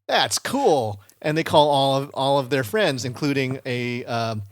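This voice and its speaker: A man's voice: mid-range voice, steady tone, normal speed, clean tone, no room sound, studio quality. A man hosting a podcast in casual chat, rambling with many fillers and restarts. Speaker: podcast host.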